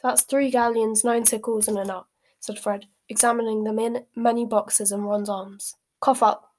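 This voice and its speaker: A woman's voice: fairly high pitch, level tone, normal speed, a little mellow, a little hiss or hum, natural voice. A woman reading aloud as a proud, cocky young man selling joke goods. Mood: bossy. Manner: firm and proud. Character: young man, cocky prankster shopkeeper twin.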